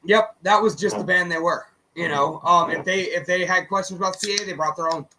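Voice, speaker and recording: A man co-hosting a radio show, chatting casually and telling animated, profane stories while acting out the people in them. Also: sits high, a little fast, background noise. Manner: animated, profane, acts out quoted voices. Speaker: co-host and musician. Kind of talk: casual radio chat, storytelling.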